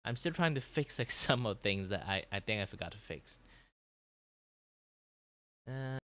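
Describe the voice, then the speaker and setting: A young man from Malaysia with a Malaysian English accent, chatting casually on a livestream in an animated, rambling way, with many restarts and laughs. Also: fairly low pitch, a little slow. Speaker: VTuber streamer.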